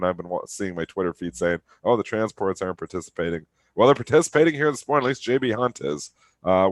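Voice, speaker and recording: A man's voice: deep voice, no echo, studio quality. A man in his thirties with a nasal, stuffed-up voice from a cold, co-hosting a live market show in casual, rambling trader talk. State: congested with a cold. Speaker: trading show co-host.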